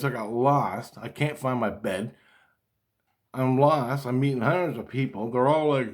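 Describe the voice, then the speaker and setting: A man's voice: medium pitch, lively intonation, measured pace. A man in a rambling personal monologue, agitated and swearing constantly as he talks. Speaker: vlogger.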